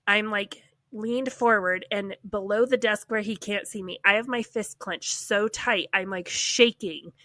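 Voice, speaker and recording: A woman podcast co-host telling a personal story in a casual, animated way, filling her speech with "like.". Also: mid-range voice, measured pace, few pauses, no room sound. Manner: animated, heavy use of "like".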